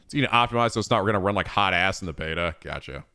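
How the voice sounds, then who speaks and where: This livestreamer races through his casual chat in a low-pitched voice, answering viewer messages. He laughs a lot, stays animated, and swears often.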